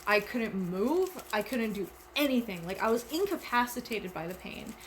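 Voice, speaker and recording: A woman's voice: fairly high pitch, big pitch swings, normal speed, slight background noise. A woman live streamer in candid casual chat, rambling and giggly, openly emotional, speaking into a desk microphone at home.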